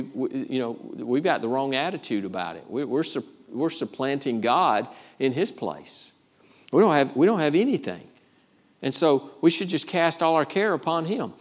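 A male pastor delivers a sermon. He leans hard on key phrases, repeats them for weight, and checks in with the congregation with an "Amen?" now and then. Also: mid-range voice. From Georgia, USA. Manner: emphatic preaching with repeated phrases and calls of "Amen?".

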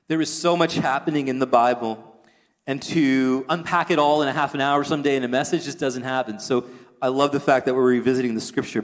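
A man preaching a sermon as pastor, earnest and rising toward near-shouting at times. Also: a little high. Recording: long hall reverb.

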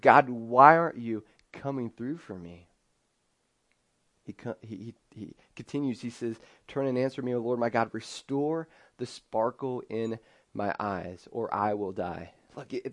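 A man's voice: medium pitch, a little mellow. A man in his thirties preaching an earnest, conversational sermon, often restarting his sentences. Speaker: pastor.

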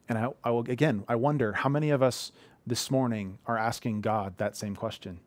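A man's voice: medium pitch, steady tone, brisk. A man in his thirties preaching an earnest, conversational sermon from a living room, often restarting his sentences. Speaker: pastor.

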